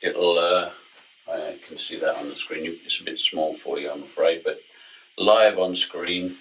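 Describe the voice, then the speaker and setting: A man's voice: steady tone, unhurried, fairly bright tone, a little hiss or hum, poor audio. A man giving a casual, chatty product demonstration with small self-deprecating jokes, his voice picked up by a camera mic a little way off as he moves around. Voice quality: very deep, gravelly and husky. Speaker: product distributor presenting equipment.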